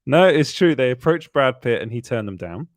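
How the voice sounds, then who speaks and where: A man's voice: mid-range voice, sing-song, moderate pace, dry recording, clean studio sound. A man co-hosting a film podcast, talking with enthusiasm and frequent restarts. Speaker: podcast co-host. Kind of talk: casual chat about films.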